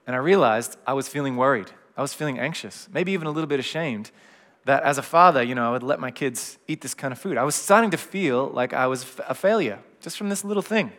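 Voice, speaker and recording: A middle-aged man preaching a gentle, reflective sermon in a conversational way. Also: mid-range voice, fast. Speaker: pastor. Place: church hall. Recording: long hall reverb.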